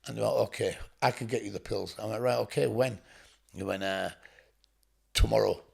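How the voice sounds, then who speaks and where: This podcast guest from England has a husky, lowish voice with vocal fry and talks at a normal speed. Recounting his story in an interview, he's blunt, curses a lot, and performs other people's lines as dialogue.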